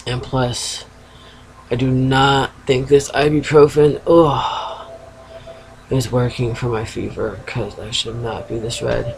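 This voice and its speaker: A man's voice: medium pitch, flat delivery, a little slow, vocal fry, slight background noise, low-quality recording. Feverish, rambling man with fading East Coast accent. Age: 30s. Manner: rambling, frank, swears casually, self-interrupting. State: feverish and sedated. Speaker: vlogger. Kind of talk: casual confessional video diary. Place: at home by a computer.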